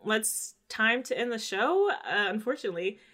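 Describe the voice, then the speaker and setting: Upbeat woman podcast host, higher voice. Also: big pitch swings, normal speed, bright, forceful tone. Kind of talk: casual chat.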